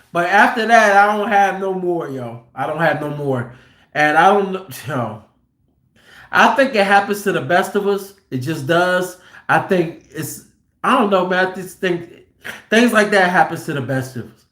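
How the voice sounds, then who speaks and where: A man's voice: high voice, normal speed. A man who drives trucks, telling stories casually and with profanity, acting out what people said. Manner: animated, profane, acts out quotes loudly. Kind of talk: casual storytelling. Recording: roomy echo.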